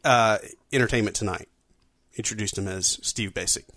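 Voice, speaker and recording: A man's voice: on the low side, moderate pace, fairly bright tone, dry recording. Chatty man hosting a podcast, dry sound. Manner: conversational, with frequent fillers and restarts. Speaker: podcast host. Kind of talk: casual podcast chat.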